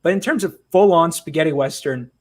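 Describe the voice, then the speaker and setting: Man, comic writer, interview guest, higher voice, animated, self-mocking storyteller. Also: a little fast. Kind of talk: casual interview chat.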